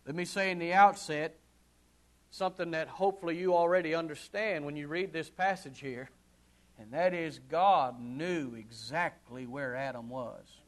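A man preaching a sermon, swinging from loud ringing calls to hushed low murmurs, with drawn-out emphatic repetition. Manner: slow, drawn-out emphatic delivery with repeated phrases.

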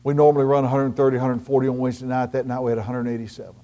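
A middle-aged man preaching a sermon as pastor, swinging between loud emphatic lines and hushed storytelling. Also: mid-range voice, flat delivery, racing.

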